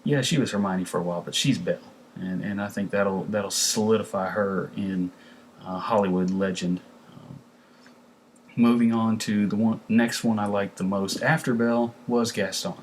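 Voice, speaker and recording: Low-voiced man rambling through a review. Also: steady tone, normal speed, slight background noise, low-quality recording. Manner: rambling, with many fillers and restarts. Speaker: film reviewer. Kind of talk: casual film review.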